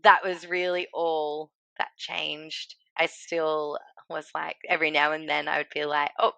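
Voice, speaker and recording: Guest: woman, bright dry voice, lively storyteller who laughs a lot. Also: deep voice, measured pace, gravelly, no room sound. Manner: chatty, laughs often, acts out what people said. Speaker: guest sharing her birth story. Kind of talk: casual storytelling interview.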